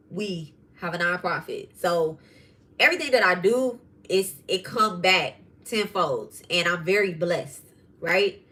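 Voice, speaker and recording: A woman hosting a spiritual podcast who tells stories in a casual, animated way, swearing freely. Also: lowish voice. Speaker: podcast host and tarot reader. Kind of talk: casual storytelling monologue.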